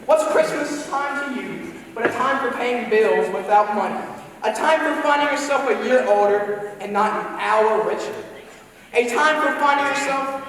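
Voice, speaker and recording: A man voicing a bitter, miserly old man who snaps gruff, scornful outbursts, heard from far off in an echoey hall. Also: extremely high pitch, a bit bright, a little hiss or hum.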